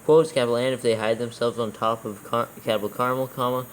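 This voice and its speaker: A man's voice: medium pitch, fast, slight background noise, low-quality recording. Man evenly dictating scripture and punctuation. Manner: reads verses aloud in a level, even tone, calling out punctuation. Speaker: proofreader reading scripture aloud. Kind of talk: casual proofreading session, dictating punctuation.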